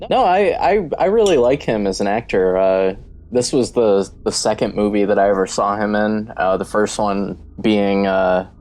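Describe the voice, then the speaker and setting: A man co-hosting a casual film podcast, relaxed and jokey, hedging his points with fillers. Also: on the low side, moderate pace. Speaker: podcast co-host.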